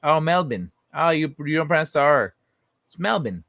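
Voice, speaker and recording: A man's voice: on the high side, normal speed, a bit bright, dry recording. A man hosting a livestream in casual, playful, profane chat, laughing often. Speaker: livestream host.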